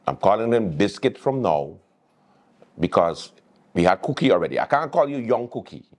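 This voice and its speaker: A man's voice: on the low side, very animated, normal speed, a little mellow. A man hosting a late-night show, teasing people in a comic monologue. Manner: teasing, joking.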